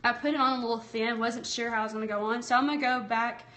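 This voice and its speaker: A Southern woman with a slightly high voice hosts a relaxed live painting tutorial from her tablet. She chats warmly with viewers as she works, reads out their comments and calls them y'all. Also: fast talker. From Tennessee, US South. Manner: chatty and friendly, calls viewers y'all, talks while working. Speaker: craft livestream host. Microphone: tablet streaming app.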